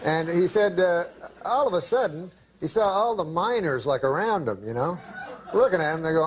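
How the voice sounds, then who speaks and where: A male comedian telling a long, rambling story in a deadpan way, halting, with many fillers. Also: high-pitched, husky.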